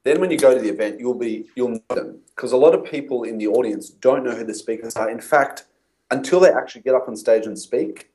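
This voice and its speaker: A man's voice: medium pitch, brisk, dark tone, poor audio. A man, a guest in an interview, telling stories and acting out past conversations. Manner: storytelling, acts out his own past dialogue. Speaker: guest copywriter.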